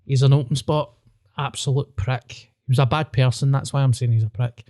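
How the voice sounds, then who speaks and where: A Glaswegian man hosting a podcast in loose, casual chat, full of swearing and rambling stories. His voice is dark and mellow, and the recording is close and dry, with no room sound. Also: medium pitch, steady tone, moderate pace, no room sound. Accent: Scottish, Glasgow. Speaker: podcast host.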